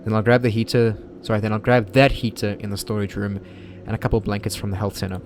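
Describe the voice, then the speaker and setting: A man voicing a shy, nervous teenage schoolboy in a horror game, speaking hesitantly with stammers in a plain, middle-pitched voice. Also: little pitch movement, quick pace, background noise, natural voice. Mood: uneasy. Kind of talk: reading game dialogue aloud.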